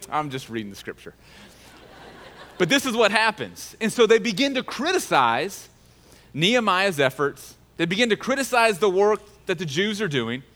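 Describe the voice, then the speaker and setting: A man preaching a sermon in a relaxed, joking way, with a voice a bit higher than most men's. He explains the text with light asides. The sound carries the long reverb of a large hall. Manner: casual and joking. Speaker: pastor.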